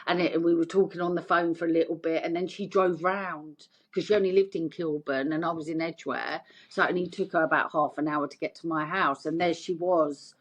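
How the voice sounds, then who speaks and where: A woman's voice: low voice, fairly quick, breathy edge. A middle-aged woman, a guest telling her story in an interview and acting out the voices of the people in it. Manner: animated, acts out quoted voices.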